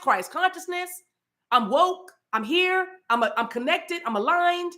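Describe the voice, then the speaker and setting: An eastern U.S. woman hosting a spiritual livestream speaks at an extremely high pitch, pushed and bright, expressive at normal speed. She preaches spontaneously and fervently to her live chat, repeating herself and breaking into tongues.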